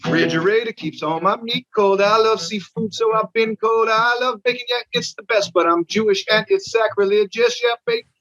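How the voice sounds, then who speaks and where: A woman's voice: medium pitch, moderate pace, few pauses, a bit bright, lo-fi sound. A woman doing a rambling stand-up bit and giggling between jokes. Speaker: stand-up comedian. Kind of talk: stand-up set.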